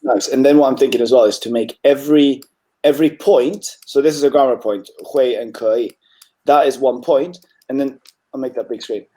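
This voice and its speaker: A man tutoring a student in Chinese over a call, encouraging and relaxed, with frequent fillers and throat clearing. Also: mid-range voice, normal speed. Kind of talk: online tutoring session.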